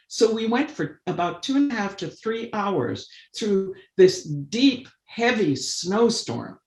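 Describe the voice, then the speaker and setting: A woman guest on a video call webinar, telling a long personal story with lively swings as she acts out what people said. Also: moderate pace, roomy sound. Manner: animated storyteller, acts out quoted voices with big pitch jumps. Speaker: guest, artist and conservationist.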